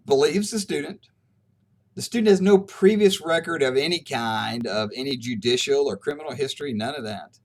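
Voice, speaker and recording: Animated man telling a case study. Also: medium pitch, normal speed. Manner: conversational storytelling, acting out quoted exchanges. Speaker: ethics professor. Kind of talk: recorded lecture for students.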